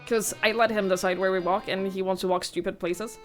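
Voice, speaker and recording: A woman's voice: mid-range voice, fairly even intonation, fairly quick, faint music behind. A young woman streaming a game, chatting in a rambling, giggly way and swearing casually. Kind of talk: casual chat while gaming.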